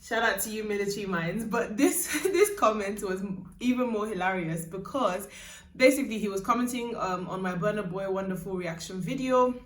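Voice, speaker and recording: A young woman YouTuber chats casually in a vlog, rambling and laughing a lot while her accent slides between Nigerian and British. Her voice sits in the mid range at a normal speed. The room sounds roomy, with the mic placed at a distance.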